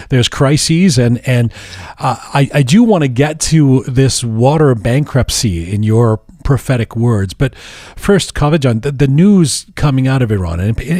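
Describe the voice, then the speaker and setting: A man hosts a podcast interview in an earnest, measured way. His voice sits in a middle pitch, and it is recorded dry and close with no room sound. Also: a little mellow, no room sound. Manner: measured, earnest, with some restarts when speaking off script. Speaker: podcast host. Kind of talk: scripted introduction then interview.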